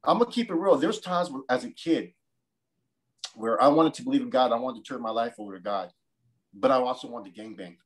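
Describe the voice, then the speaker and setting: A man's voice: medium pitch, fairly quick, rough recording. A man interviewing his guest in a candid, reflective way, sharing his own past and asking questions. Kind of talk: casual interview chat.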